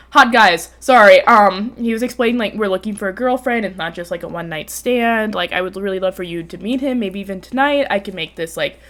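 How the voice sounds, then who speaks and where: Twenties woman, podcast host, animated storyteller, swears often, average pitch. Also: a little fast. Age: 20s. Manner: animated, swears freely, bursts into laughter. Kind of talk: casual storytelling chat. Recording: remote call, co-host audio cutting out.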